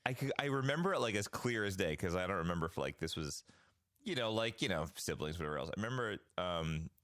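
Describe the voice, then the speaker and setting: Lively low-voiced man chatting casually. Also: fast talker, no room sound, clean studio sound. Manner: rambling, loose storytelling with many fillers. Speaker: podcast co-host. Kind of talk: casual chat.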